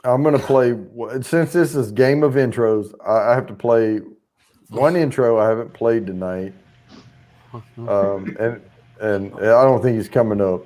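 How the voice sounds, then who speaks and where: A man's voice: medium pitch, measured pace, dark tone. A man hosting a livestream, chatting casually and joking with friends. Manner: easygoing, joking banter. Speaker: livestream host.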